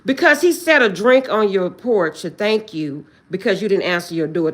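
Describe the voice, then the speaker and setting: A woman ranting on a livestream, close to tears and swinging between outbursts and quiet prayers. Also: medium pitch, expressive, normal speed. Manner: agitated, swings between shouting and tearful prayer. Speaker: livestream host. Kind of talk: emotional livestream rant.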